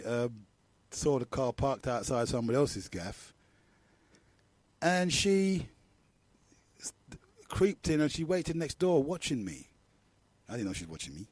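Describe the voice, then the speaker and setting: Middle-aged London radio host, rambling and slangy, warm low-key tone, dry close sound. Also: male voice, breathy edge, dry recording. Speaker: radio talk show host. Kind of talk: casual monologue.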